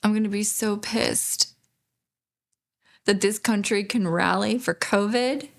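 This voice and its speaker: A woman speaking as a grieving mother in an interview, halting and pausing, restarting her sentences. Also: mid-range voice, creaky. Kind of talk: emotional interview testimony.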